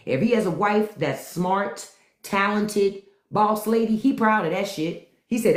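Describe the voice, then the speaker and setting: A woman's voice: medium pitch, animated, moderate pace. Woman going off on her live chat, cussing, mocking, in a roomy echoey space. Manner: blunt, profane, mocking, talks back to the chat. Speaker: podcast host on a live stream. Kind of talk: unfiltered live-stream rant. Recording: echoey room.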